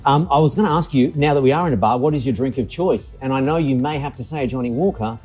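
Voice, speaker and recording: A man's voice: mid-range voice, quick pace, darkish tone, slightly rough, faint music behind. A man hosting a casual interview, asking questions in a chatty, jokey way. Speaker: interviewer host.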